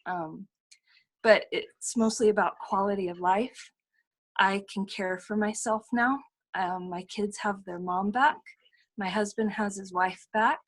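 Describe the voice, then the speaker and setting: A woman's voice: mid-range voice, unhurried. A middle-aged woman sharing a personal testimony over a video call, earnest and full of fillers and repeated phrases. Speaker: testimonial speaker.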